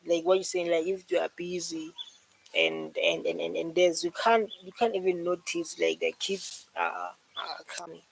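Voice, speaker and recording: A man's voice: fairly high pitch, lively intonation, moderate pace, gravelly, slight background noise, rough recording. A man reacting to a speech in casual, rambling commentary, emphatic and repeating himself. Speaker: reaction video host.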